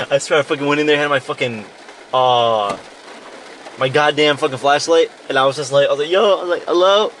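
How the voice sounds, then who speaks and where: A man's voice: mid-range voice, a bit bright, a little hiss or hum. A young man hosting a podcast from inside a car in the rain, telling a long, rambling, profane story in a casual chat. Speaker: podcast host.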